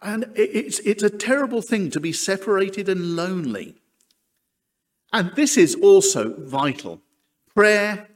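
Chatty preacher in a reverberant hall. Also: male voice, a little high, fairly bright tone. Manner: chatty, self-deprecating asides. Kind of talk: sermon.

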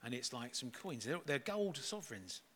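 A man's voice: mid-range voice, very animated, normal speed, sharp tone, husky. A middle-aged man giving a playful, chatty children's talk at church.

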